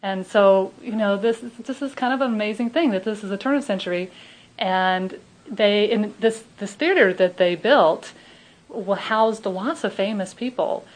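A woman's voice: medium pitch, unhurried, rough recording. Chatty Southern woman minister. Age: middle-aged. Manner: chatty, laughing, many restarts. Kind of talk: informal sermon talk.

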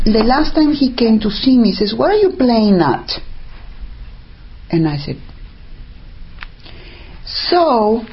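Animated older woman telling a personal story. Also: mid-range voice, vocal fry, highs cut off, slight background noise. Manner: animated, acts out what others said, many "I mean" fillers. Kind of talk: personal story told in casual talk.

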